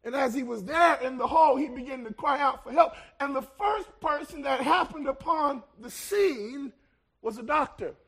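A man preaching a sermon as pastor, building to loud shouted peaks and then dropping to hushed lines. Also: very high voice, lively intonation, moderate pace. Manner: preaching with swelling shouts and sudden hushed drops.

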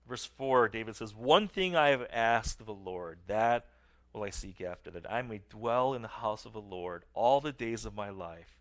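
Middle-aged male pastor, mid-pitched, earnest sermon delivery with soft trailing phrase ends.

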